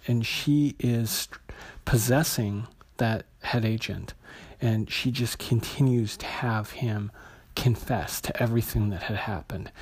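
Man for a comic review vlog: husky voice, halting delivery with lots of ums and restarts. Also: medium pitch, a little mellow. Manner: hesitant, many fillers and restarts. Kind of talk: casual spoken review.

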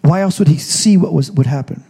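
A man's voice: on the high side, brisk, creaky, warm tone, slightly rough. A man preaching a sermon as pastor, telling the story in a casual, joking way. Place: church stage.

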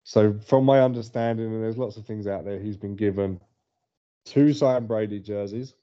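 On a laid-back sports podcast, this male co-host spins chatty stories and laughs a lot, speaking at a moderate pace in a lowish voice. The recording sounds dull and lo-fi.

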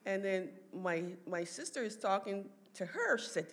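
Animated woman telling a family story. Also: medium pitch, normal speed, few pauses. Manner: animated, laughs often, quotes others in raised voice.

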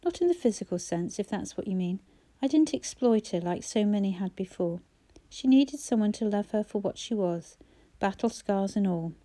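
Woman reading as a calm, gentle grieving man. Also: medium pitch, moderate pace, hardly any pauses, lightly acted. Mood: tender.

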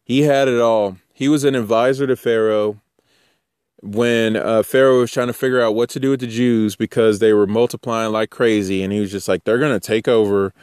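Male preacher, informal and animated, dry close mic. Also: medium pitch, normal speed, clear, resonant tone, no echo. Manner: animated, jokey, acts out voices. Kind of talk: informal sermon.

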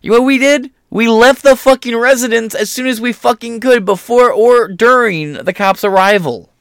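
A man's voice: very high voice, normal speed, smooth, no echo, studio quality. A young man talking through a casual commentary vlog, sarcastic and mocking, swearing freely. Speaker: political commentator.

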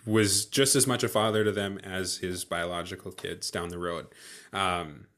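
A young man, a guest in a casual interview, speaking in a hesitant, good-humored way with frequent pauses and restarts. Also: sits low, steady tone, a bit bright. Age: young adult. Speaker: guest, new father.

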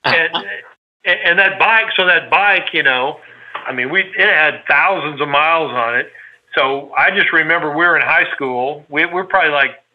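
A man spins a long, meandering anecdote in casual chat with a friend. His voice sits a little high, and the recording sounds dull and lo-fi. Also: moderate pace. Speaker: storyteller reminiscing with a friend.

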